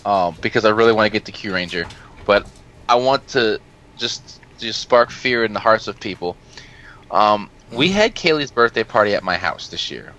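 A man's voice: on the low side, animated, normal speed, a bit bright. A man casually telling long, rambling stories on a podcast, swearing freely and laughing at his own anecdotes. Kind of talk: casual storytelling chat. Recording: dull lo-fi sound.

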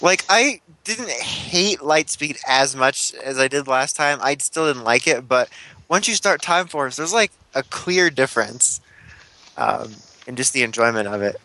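A young man co-hosting a casual podcast chat, with a bright, forward voice. He jokes and laughs easily and speeds up in bursts. The sound is close and dry, with no room around it. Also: medium pitch, animated, no room sound, low-quality recording. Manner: chatty and joking, laughs often, speaks in quick bursts. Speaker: podcast co-host.

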